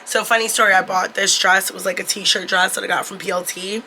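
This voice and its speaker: A woman's voice: mid-range voice, steady tone, fairly quick, sharp tone, slight background noise. A young woman vlogging casually into her phone camera, chatty and blunt, swearing freely. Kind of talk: casual vlog talk to camera.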